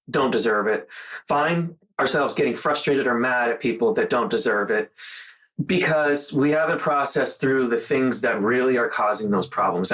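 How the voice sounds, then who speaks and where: A man hosting a casual mindfulness monologue, talking earnestly and guiding the listener through slow counted breathing. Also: mid-range voice, a bit bright, poor audio. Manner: earnest, conversational, guides breathing with counted pauses. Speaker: host.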